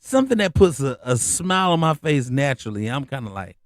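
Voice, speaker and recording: A man's voice: fast talker, no room sound, studio quality. A middle-aged man hosting a podcast, telling comedic stories in slangy casual talk, with his voice jumping up on the punchlines. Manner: animated, slangy storytelling with rising pitch on asides. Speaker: podcast host.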